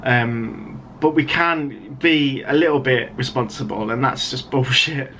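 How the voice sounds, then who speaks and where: A man's voice: medium pitch, measured pace, fairly bright tone, slight background noise. An English man in his thirties, a writer, ranting in a video commentary in an exasperated, sarcastic, rambling way. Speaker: writer vlogger.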